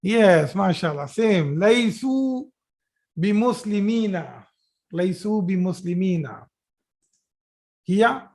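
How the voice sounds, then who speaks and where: A man with a high, animated, slightly mellow voice teaches an Arabic grammar class live over a video call. He slowly repeats each phrase and praises his students when they answer.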